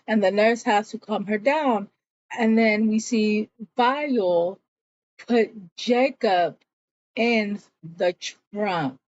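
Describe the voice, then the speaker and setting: A woman's voice: a little high, slow, a little mellow, no room sound, lo-fi sound. A woman casually recapping a TV episode in a chatty way, acting out bits of the characters' lines. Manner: chatty retelling, acts out quoted lines. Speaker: TV series reviewer.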